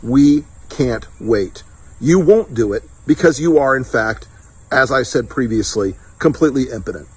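Husky-voiced man, profane political taunt, punchy repeated lines. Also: mid-range voice, normal speed, no echo, rough recording. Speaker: political strategist in a played clip. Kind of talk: defiant video message.

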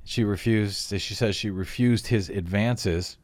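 A man hosting talk radio news commentary speaks slowly in a fairly low, darkish voice. As he goes through the lawsuit details, he drops in wry remarks and plenty of fillers.

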